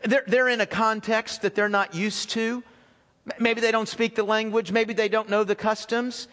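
Pastor, male, high-pitched, chatty sermon delivery, quizzes the pews, repeats lines, reverberant sanctuary. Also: level tone, moderate pace, fairly bright tone. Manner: conversational, asks the congregation questions, repeats phrases. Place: church sanctuary.

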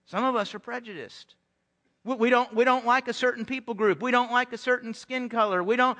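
A man with a high, ringing voice preaches a sermon to his church. His delivery is earnest, and he doubles up words as he presses a point home. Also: sharp tone. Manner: earnest, repeats words when stirred. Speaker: pastor. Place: church sanctuary.

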